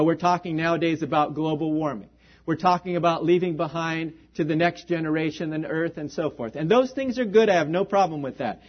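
A man preaching a sermon and leading a closing prayer, earnest and emphatic, dropping low and soft on key lines. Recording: dull lo-fi sound.

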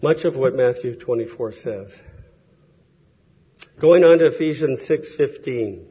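A man's voice: mid-range voice, unhurried, husky, dull audio. A man preaching a sermon in a conversational, storytelling way, acting out the people he quotes.

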